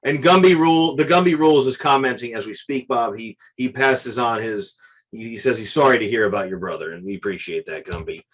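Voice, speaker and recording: A man co-hosting a sports show, asking questions in a relaxed, halting way and reading out viewer comments. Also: mid-range voice, slightly rough, poor audio. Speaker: co-host. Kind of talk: casual sports talk.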